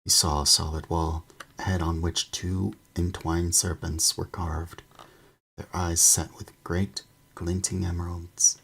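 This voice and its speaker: A man reading a storybook aloud on a stream, slow and measured. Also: deep voice, level tone, gravelly, fairly bright tone, breathy edge. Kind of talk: storybook narration.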